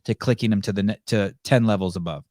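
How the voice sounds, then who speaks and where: A man's voice: on the low side, quick pace, a little mellow, no room sound, clean studio sound. A man hosting a podcast, telling a story in casual, profane chat and acting out the dialogue. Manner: profane, acts out quoted dialogue. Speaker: podcast host.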